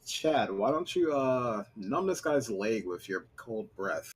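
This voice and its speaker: Tabletop player guy, slow and husky, voice jumps all over. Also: medium pitch, expressive. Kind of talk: casual tabletop play.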